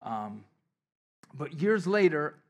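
A man preaching a sermon, telling a personal story in a casual, conversational way, dropping to soft asides and rising to emphatic bursts. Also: fairly high pitch, very animated, takes it slowly. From western New York. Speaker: pastor.

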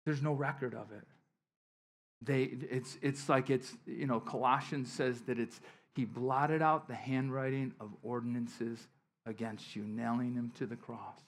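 A man preaching a sermon, telling a personal story in a casual, conversational way, dropping to soft asides and rising to emphatic bursts. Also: mid-range voice, fairly even intonation, a little slow. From western New York. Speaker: pastor.

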